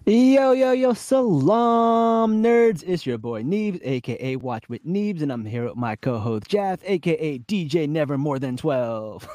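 A man hosting a casual podcast chat, excitable and quick to laugh. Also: mid-range voice, dry recording, studio quality, soft background music. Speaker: podcast host.

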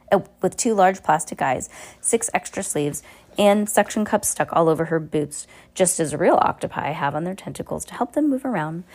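A woman's voice: lowish voice, darkish tone. A woman reading a novel aloud in a casual way, with stumbles and joking asides.

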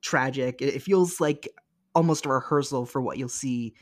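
A man co-hosting a relaxed film podcast. He speaks in halting stretches, pausing with frequent ums as he searches for words. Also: mid-range voice. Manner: hesitant, full of ums. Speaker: podcast co-host. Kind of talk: casual film chat.

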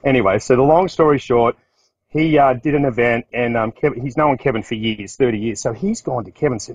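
A man's voice: medium pitch, brisk, husky, no room sound, poor audio. Middle-aged Australian man, business owner, spinning loose anecdotes with restarts; dry, close sound. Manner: rambling anecdotes with restarts, acts out quotes. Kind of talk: casual storytelling talk.

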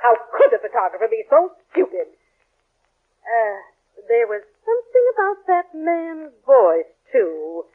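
A woman's voice: big pitch swings, unhurried. An actress playing a flustered, indignant middle-aged mother in a 1940s radio sitcom, theatrical and exclaiming. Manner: theatrical, exclaiming, sweeping pitch. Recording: tinny old radio broadcast.

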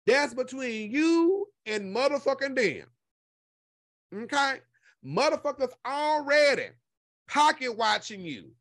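A man with a strikingly high voice talks in a sassy, profane and emphatic way, hammering his points home by repeating them. The sound is close and dry, with no room around it. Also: no echo. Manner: animated storytelling with laughter. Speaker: YouTube content creator. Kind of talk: casual solo commentary.

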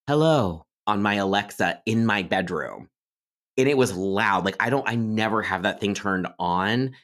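Deep-voiced guy rambling through stories on a podcast, lots of "you know"s. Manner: chatty, many fillers and restarts, warm storytelling. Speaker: psychic medium guest. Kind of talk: casual podcast interview storytelling.

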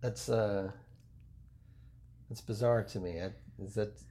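A man's voice: fairly low pitch, fairly even intonation, takes it slowly, mellow. A man playing a damned soul who hosts a podcast from hell. He acts as the exasperated straight man in an improvised comedy podcast. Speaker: podcast host. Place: podcast studio.

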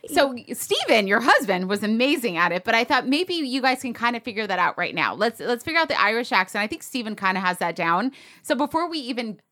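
Bright-voiced teasing woman podcast host. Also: on the high side, big pitch swings, brisk. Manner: upbeat, teasing, chatty. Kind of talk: casual podcast chat. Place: podcast studio.

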